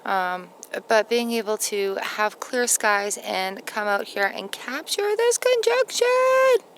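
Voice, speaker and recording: A woman's voice: fairly high pitch, expressive, slow pace, fairly bright tone, a little hiss or hum. A woman hosting her channel, filming outdoors at night and gushing in awe, at times dropping to a whisper. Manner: gushing, awestruck, drops to whispers. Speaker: tarot channel host. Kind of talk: excited outdoor vlog.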